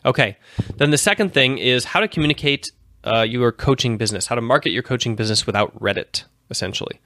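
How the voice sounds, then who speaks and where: A man's voice: medium pitch, fast talker, bright, forceful tone, dry recording, clean studio sound. A man in his thirties hosting a livestream show, talking casually in a rambling, self-correcting way. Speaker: host.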